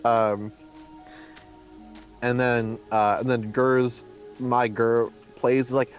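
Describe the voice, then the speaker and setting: A man's voice: mid-range voice, level tone, extremely slow, long pauses, faint music behind. Rambling man telling a story. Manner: rambling, many fillers, acts out quotes. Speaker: co-host. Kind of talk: casual chat, anecdote.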